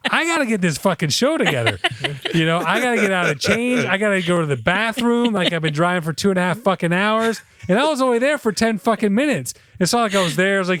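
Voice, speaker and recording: A male podcast co-host tells a rambling complaint story with plenty of swearing, jumping into the voices of the people he quotes. His voice is smooth and a little high for a man. The close mic sounds dry. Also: animated, quick pace, fairly bright tone, no room sound. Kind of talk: casual chat. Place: South Florida.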